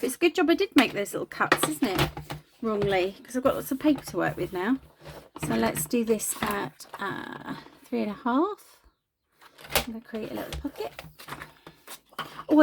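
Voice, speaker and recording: A woman's voice: on the high side, gravelly, background noise. A woman chatting casually while crafting, self-deprecating and talking as she works. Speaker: craft video host.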